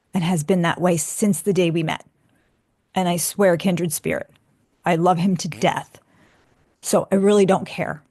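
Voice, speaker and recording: Woman radio host, candid and emotional, slightly low pitch, dry studio sound. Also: darkish tone, dry recording. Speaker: radio show host and author. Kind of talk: casual radio chat answering listener questions.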